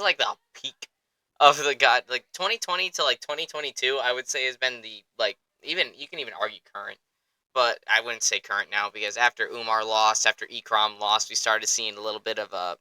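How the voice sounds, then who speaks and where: Bright-voiced young man, fast casual podcast talk. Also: mid-range voice, dry recording, poor audio. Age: young adult. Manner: excitable, profane, rambling. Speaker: podcast host. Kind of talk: casual chat.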